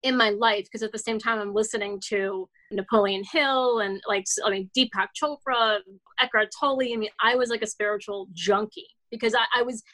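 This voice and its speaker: A woman's voice: medium pitch, steady tone, a little fast, bright, forceful tone. A woman in her thirties telling her story as a guest in an interview, rambling with many restarts, heartfelt and casual. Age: 30s. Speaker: guest author.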